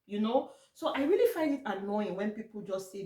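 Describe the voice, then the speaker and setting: A woman's voice: medium pitch, lively intonation, brisk, warm tone, reverberant. A Nigerian woman vlogging to camera in a casual, blunt and exasperated way, slipping into Pidgin now and then.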